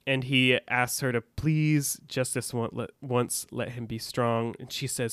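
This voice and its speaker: A man's voice: medium pitch, steady tone, measured pace, few pauses, a bit bright, clean tone, dry recording, studio quality. A man co-hosting a podcast, recounting scenes casually and reading out dialogue with a bit of drama. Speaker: podcast co-host. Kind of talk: casual recap chat.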